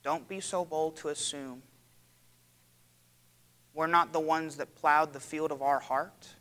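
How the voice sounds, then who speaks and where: A man preaching a sermon to his church, dramatic and building to loud cries. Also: on the high side, clear, resonant tone. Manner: dramatic, rising to loud cries when quoting. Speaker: pastor.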